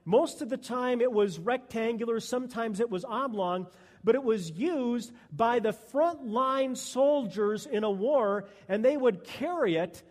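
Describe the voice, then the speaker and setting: High-voiced male pastor preaching. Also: a little slow, a little mellow. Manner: earnest, emphatic preaching. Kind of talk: sermon. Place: church sanctuary during a Sunday service. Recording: long echo of a church hall.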